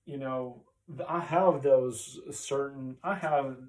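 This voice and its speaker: A man's voice: medium pitch, slow, darkish tone. Male chiropractor, easygoing explainer tone, voice recorded somewhat far from the mic. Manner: conversational, often tags on "right?". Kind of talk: casual explainer talk.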